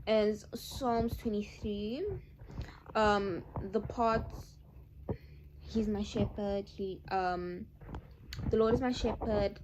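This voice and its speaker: A young woman talks emphatically to camera in her vlog, animated and calling her viewers "guys". Her mid-range voice is very slow with long pauses, and the background is noisy.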